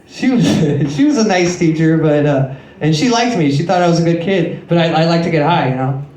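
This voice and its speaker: A man's voice: fairly high pitch, brisk, darkish tone. A man in his late twenties doing a stand-up set on a comedy club stage, telling crude, self-mocking stories into a handheld mic. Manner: crude, self-mocking storytelling with frequent swearing. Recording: echoey club room.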